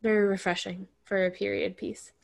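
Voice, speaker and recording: A woman co-hosting a casual podcast chat, talking in an animated way and acting out quotes in a raised voice. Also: mid-range voice, normal speed, gravelly. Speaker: podcast co-host.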